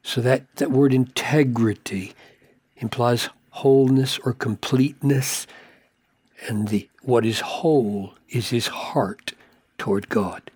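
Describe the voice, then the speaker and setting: A man preaching a sermon, asking rhetorical questions and growing emphatic as his pitch climbs high. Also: slow pace, darkish tone, slightly rough, dry recording.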